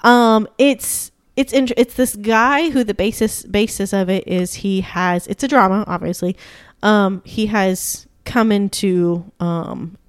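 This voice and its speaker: A woman's voice: medium pitch, clear, resonant tone, no echo, studio quality. A young woman telling stories in casual podcast chat, laughing often and using lots of fillers. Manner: chatty storyteller, laughs often, filler-heavy. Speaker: podcast co-host.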